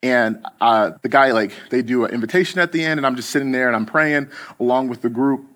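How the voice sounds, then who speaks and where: A man's voice: mid-range voice, a little fast, a bit bright. Chatty man preaching a storytelling sermon. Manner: loose and chatty, full of fillers and restarts.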